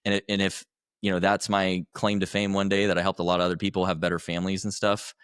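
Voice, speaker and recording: A man's voice: deep voice, level tone, fast talker, a bit bright, clear, resonant tone, no echo, studio quality. A man speaking as a podcast guest, earnest and rambling, with frequent restarts. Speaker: podcast guest, coach for husbands. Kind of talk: conversational interview.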